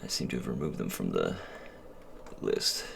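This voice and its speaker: Deep-voiced man running a tabletop game. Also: animated, normal speed, creaky, a bit bright, slight background noise. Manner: casual, explains rules with fillers. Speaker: game master.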